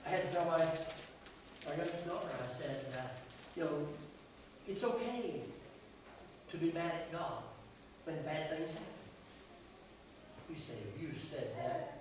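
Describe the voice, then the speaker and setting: A man in his sixties preaching a sermon as pastor, telling a personal story with emotion, swelling loud and then dropping quiet. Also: fairly high pitch, animated, measured pace, long pauses. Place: church sanctuary. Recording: echoey church hall from far off, with noise.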